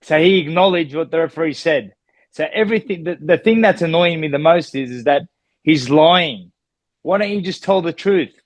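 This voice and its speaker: A man's voice: on the high side, normal speed, no echo. An Australian man, a former boxer, giving a heated, emphatic reaction in an interview. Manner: indignant, emphatic, keeps repeating "mate". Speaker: former boxing world champion, guest.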